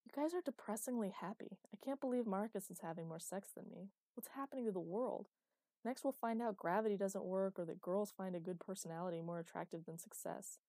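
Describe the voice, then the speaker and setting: A woman voicing a brash, crude young man who mocks his friends loudly in an audiobook. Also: medium pitch, brisk, no room sound, lightly acted. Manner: loud, mocking and crude.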